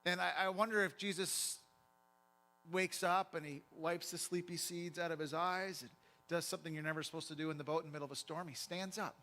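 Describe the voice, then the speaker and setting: Pastor guy preaching, high bright voice, chatty storyteller vibe. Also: brisk. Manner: vivid conversational storytelling. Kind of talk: sermon. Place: church.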